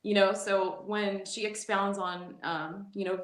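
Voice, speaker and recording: An animated woman in her forties recounts a memory as an interview guest. She laughs easily and restarts her sentences. Her voice rings with noticeable room echo. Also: mid-range voice, unhurried. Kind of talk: casual storytelling interview. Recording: echoey room.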